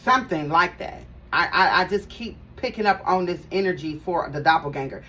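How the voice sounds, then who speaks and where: This tarot reader speaks fairly quickly in a fairly low, bright, forceful voice. Chatty and emphatic, she repeats phrases and addresses viewers directly during a casual reading. She's somewhat far from the mic, and faint background noise is audible.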